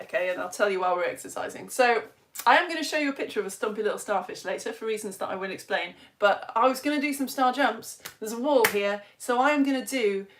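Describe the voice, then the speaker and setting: Chatty Yorkshire woman teaching science. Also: mid-range voice. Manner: chatty and energetic, asks the audience questions. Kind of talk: live science lesson for children.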